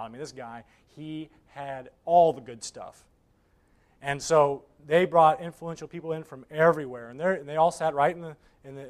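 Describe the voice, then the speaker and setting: A male preacher telling a story in a sermon, swinging between loud bursts and near whispers and acting out the voices of the people in it. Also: fairly high pitch, smooth. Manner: acts out voices in his stories.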